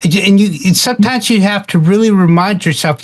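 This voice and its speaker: A man in a casual roundtable discussion, telling a story in a halting way and often repeating words. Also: high-pitched. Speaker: roundtable participant.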